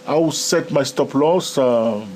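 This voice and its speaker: A man with a non-native English accent teaching a live trading tutorial, animated and chatty, often checking in with "okay?" and "my friend". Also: medium pitch, slow, a little hiss or hum. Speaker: trading educator.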